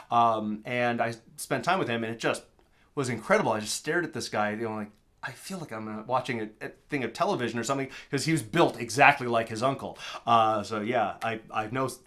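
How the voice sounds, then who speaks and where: A man's voice: mid-range voice, fairly bright tone. An American man from Minnesota giving a casual, rambling language lesson. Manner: chatty, rambling, with fillers and digressions. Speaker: language teacher.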